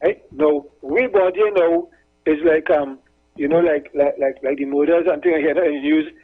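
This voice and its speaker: This talk-show caller has a fairly high voice, fairly flat intonation, and a normal pace. Telling stories over a tinny phone line, he rambles and repeats himself in casual conversation.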